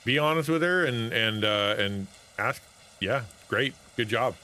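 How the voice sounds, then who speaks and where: Male streamer, bright and forceful tone, pitch jumps all over; playful joking commentary over gameplay. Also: lively intonation, a little slow. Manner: playful, jokey, talks to chat. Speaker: streamer and pastor.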